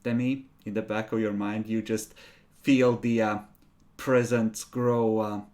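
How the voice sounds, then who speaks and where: A man running a tabletop game as game master, narrating scenes in a descriptive, unhurried way. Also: lowish voice, flat delivery, darkish tone.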